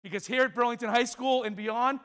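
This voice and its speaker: A man with a fairly high voice giving a motivational talk on a school auditorium stage. He tells stories dramatically, acts out the characters, and leans on big pauses for effect. He speaks into a stage microphone. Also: steady tone, fairly bright tone, clear, resonant tone. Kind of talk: animated storytelling talk.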